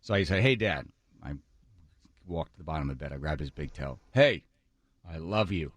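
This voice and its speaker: A man's voice: very deep voice, a little fast, no echo. A man hosting a radio talk show, telling a personal story and acting out what others said. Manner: animated, acts out quotes of others. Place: radio studio.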